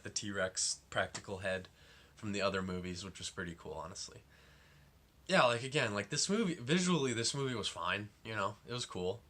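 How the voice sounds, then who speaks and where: Young guy reviewing a movie, low voice but bright and punchy, keeps saying like. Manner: rambling, lots of "like" fillers, exasperated. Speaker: film reviewer. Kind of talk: casual film review.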